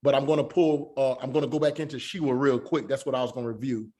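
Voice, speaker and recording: Male online teacher: halting delivery, many fillers, slow syllable drills. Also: medium pitch, steady tone, dark tone. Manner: spells out sounds slowly. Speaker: Hebrew teacher.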